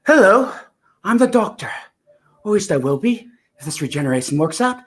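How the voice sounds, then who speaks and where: Theatrical high-voiced eccentric alien Doctor, breathless, swooping. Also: male voice, sing-song, moderate pace, slightly rough, full character voice. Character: eccentric male time-travelling alien Doctor. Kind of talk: amateur impression.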